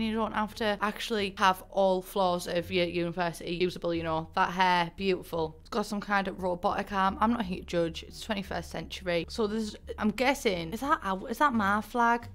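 Excitable Northern English woman reacting. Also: mid-range voice. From northern England. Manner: chatty, excitable, rambling asides. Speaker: gaming YouTuber.

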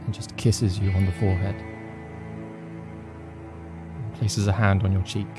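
A man narrating a tabletop game as dungeon master, in a low, hushed storytelling manner. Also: flat delivery, measured pace, over loud music.

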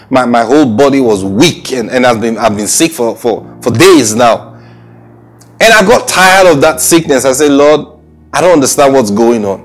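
A middle-aged man preaching an earnest weekly sermon, often repeating praise phrases and restarting his sentences. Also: medium pitch. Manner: frequent restarts and stammers.

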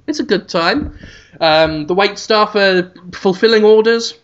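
Man telling a comic story, animated, rambling, bright voice, lo-fi sound. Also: high-pitched, a little slow, clear, resonant tone. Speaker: podcast co-host. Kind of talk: comedic storytelling on a podcast.

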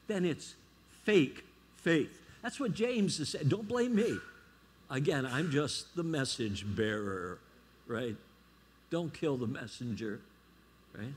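Middle-aged male guest preacher, husky, slightly high voice, emphatic sermon delivery. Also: darkish tone. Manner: emphatic, checks in with the congregation.

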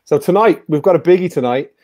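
A man's voice: on the high side, quick pace, warm tone, no room sound, clean studio sound. A man hosting a live-streamed music quiz in a casual, joking, teasing way. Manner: joking, teasing, playful banter. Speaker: quiz show host.

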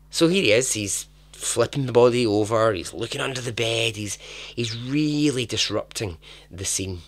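A man's voice: medium pitch, expressive, moderate pace, no echo. A man hosting a storytelling podcast, narrating in a chatty, dramatic way with joking asides. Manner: chatty, dramatic, laughs at his own asides. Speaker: podcast host.

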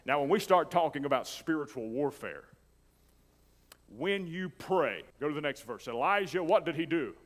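Male pastor, fairly high voice, impassioned sermon, long church reverb. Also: animated, normal speed. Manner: preaching with rising intensity, calls to the congregation. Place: church sanctuary.

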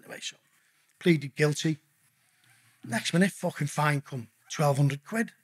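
A man's voice: on the high side, unhurried, husky. A man, a guest, telling a story casually and animatedly, swearing heavily as he goes. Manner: heavy swearing, animated retelling.

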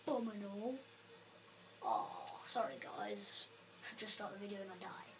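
A woman's voice: medium pitch, a little slow, background noise. A woman giving rambling, playful commentary over her gameplay, full of fillers like "um".

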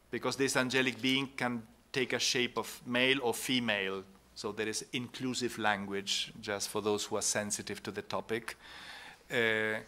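Slow, bright-toned male lecturer. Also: mid-range voice. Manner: unhurried, pauses with "no?" tags and restarts. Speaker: conference speaker. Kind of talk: academic conference talk.

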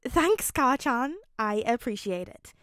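A gentle, patient young man coaxing in a soft, even tone, as a woman reads him in her own fairly high voice. The storybook sound is dry and close-up. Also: takes it slowly, no room sound, heavily acted. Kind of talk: fanfic audiobook reading.

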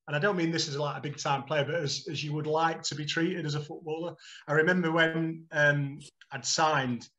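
A middle-aged man, a guest on a podcast, telling animated anecdotes and acting out the dialogue with frequent laughter. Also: on the high side. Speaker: guest, former footballer. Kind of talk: casual podcast storytelling.

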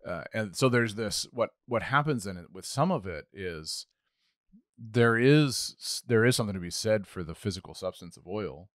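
A man's voice: fairly low pitch, animated, moderate pace, a bit bright, dry recording, clean studio sound. A middle-aged man co-hosting a casual talk, thinking aloud with many restarts. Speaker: podcast co-host, pastor. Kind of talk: casual conversation.

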